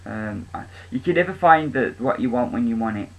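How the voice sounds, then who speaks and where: A man talks through his weekly comic picks in a loose, chatty way. His voice sits at an ordinary middle pitch. He is clearly enthusiastic, but he often pauses on an um and restarts his sentences. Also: lively intonation, poor audio. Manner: rambling, with many ums and restarts. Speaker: comic book reviewer. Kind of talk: casual spoken review.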